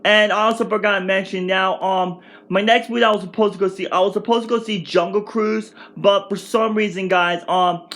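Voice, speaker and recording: A man in his twenties telling a rambling, excitable storytime rant at home for his vlog, restarting his sentences often. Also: high voice, fairly quick. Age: 20s. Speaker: vlogger.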